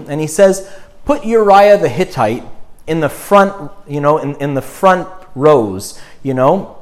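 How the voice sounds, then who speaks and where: Guy preaching, animated storytelling, kinda high voice, gets loud then goes quiet. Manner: animated retelling, swings between loud and hushed. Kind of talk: sermon storytelling.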